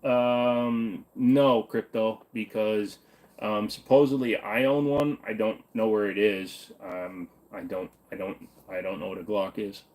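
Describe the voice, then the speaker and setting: A young man from Virginia, USA, hosts a casual livestream, reading viewer comments and answering them bluntly off the cuff, occasionally swearing. His voice is lowish and darkish, steady in tone and unhurried.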